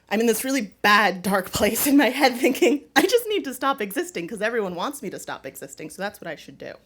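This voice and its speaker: A young woman telling a candid, wry personal story live on stage to an audience. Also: mid-range voice. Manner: candid, wry, lively delivery with laughter. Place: small live venue before an audience.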